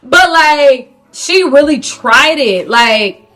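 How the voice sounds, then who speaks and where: A young woman vlogging a storytime to camera in an animated, slangy manner, talking to viewers as "girl". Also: high-pitched, slow pace, faint music behind. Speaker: beauty vlogger. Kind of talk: storytime vlog.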